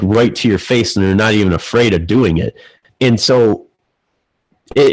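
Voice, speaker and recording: Candid young man, lowish voice. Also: rough recording. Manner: candid, emotional, repeats words when excited. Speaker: podcast guest. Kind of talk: personal storytelling.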